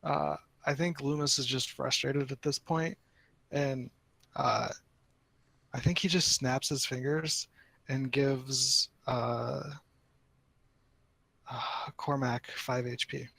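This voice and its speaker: A laid-back man in casual tabletop play. His voice is gravelly and rough-edged and sits at a mid pitch. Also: fairly even intonation, slow, long pauses, pushed and bright, no room sound. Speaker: player.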